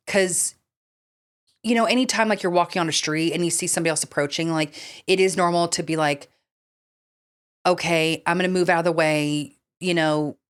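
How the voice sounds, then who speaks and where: A woman with a slightly low voice chats on a podcast, lively and full of "like" and "you know." She swears casually and reads stories aloud in an animated way. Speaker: podcast co-host.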